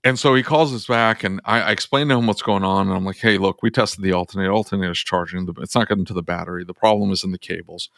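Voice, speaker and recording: A man's voice: deep voice, steady tone, quick pace, vocal fry, few pauses, a bit bright, no echo, studio quality. A man who runs an auto repair shop, telling a story on a podcast and acting out both sides of his phone calls.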